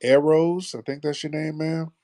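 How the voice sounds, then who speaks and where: A man's voice: on the low side, animated, moderate pace, a little mellow, dry recording. A man hosting a live call-in show, talking bluntly in heavy slang and pushing back hard at callers. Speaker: host of a call-in audio show.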